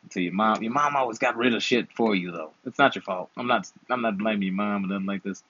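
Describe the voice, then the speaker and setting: A man's voice: on the low side, fast, sharp tone, breathy edge, lo-fi sound. A man in his twenties, an uncle hosting a channel, chatting casually and playfully with slangy, teasing advice. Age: 20s. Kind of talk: casual chat while gaming.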